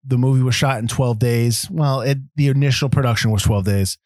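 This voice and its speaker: A man's voice: medium pitch, brisk, dry recording. Man, podcast host, casual film chat, rambling restarts, dry studio mic. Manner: rambling, animated storyteller with many restarts.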